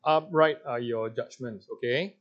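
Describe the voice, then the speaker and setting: Man, Singaporean English accent, Bible teacher, slow lively delivery, playful coaxing questions, muffled lo-fi sound. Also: medium pitch. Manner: playful, coaxing questions to the group, laughs often. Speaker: pastor leading a Bible class.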